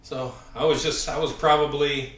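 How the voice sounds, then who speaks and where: A man's voice: a little high, fairly even intonation, normal speed. A man in his forties with a Southern American accent, chatting casually on a fitness live stream between workout sets, rambling with lots of fillers and sounding a bit winded. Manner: rambling, filler-heavy, friendly shout-outs. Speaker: fitness channel host. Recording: echoey room, voice far from the mic.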